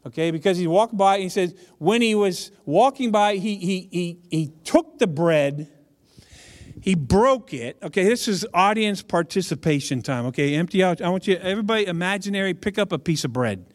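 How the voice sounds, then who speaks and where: Casting note: male preacher with a fairly high voice, relaxed and chatty, jokes with the congregation. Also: normal speed. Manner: chatty, humorous, addresses audience directly. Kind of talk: casual conversational sermon.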